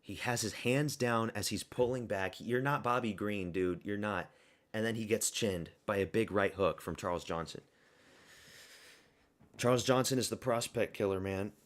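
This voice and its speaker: A man's voice: lowish voice, moderate pace. A young man giving a casual, blunt and rambling fight review monologue, full of opinions and fillers. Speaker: MMA commentary YouTuber.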